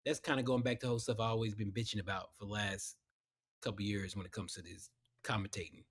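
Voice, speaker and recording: Excitable male podcast co-host. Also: lowish voice, fast talker, breathy edge. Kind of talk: casual chat.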